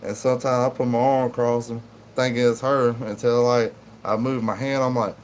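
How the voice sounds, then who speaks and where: A man's voice: mid-range voice, flat delivery, moderate pace, a little hiss or hum. A man chatting casually on a livestream, rambling in a laid-back way to his viewers and his dog at home. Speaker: livestream host.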